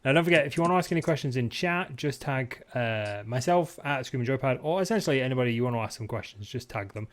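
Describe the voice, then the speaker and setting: A man's voice: medium pitch, quick pace, few pauses. A man with an everyday middle-range voice hosts a gaming podcast. He moves the show along in an easygoing way, dotted with ums and uhs. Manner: relaxed, steering the show with fillers. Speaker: podcast host. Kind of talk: casual chat.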